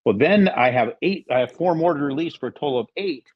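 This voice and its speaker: A middle-aged man talks quickly in a low, husky voice as a podcast guest. He rambles through his story and acts out what each person said. The sound is dry and a little dull. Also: expressive, no echo. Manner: rambling, acts out quoted dialogue. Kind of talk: casual storytelling.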